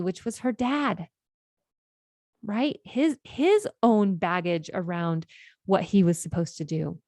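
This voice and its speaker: A woman's voice: mid-range voice, slow pace, darkish tone, no echo, studio quality. A woman life coach hosting a podcast, explaining ideas in an earnest, conversational monologue and often checking in with "right?".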